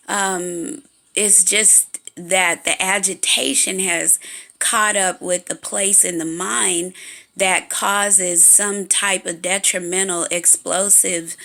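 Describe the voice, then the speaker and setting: A woman giving a halting, earnest spiritual monologue with many fillers and restarts. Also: lowish voice, gravelly, bright, forceful tone. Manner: earnest, agitated.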